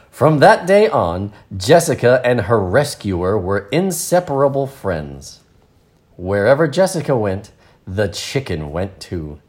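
Relaxed male storyteller, unhurried and expressive, teaching as he reads. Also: fairly low pitch. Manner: relaxed, playful, explains words plainly. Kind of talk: reading a picture book aloud with explanations.

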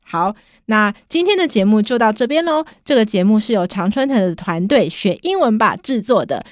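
A woman's voice: mid-range voice, no echo, clean studio sound. Chatty woman hosting a podcast lesson. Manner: chatty, explaining, encouraging. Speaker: podcast host.

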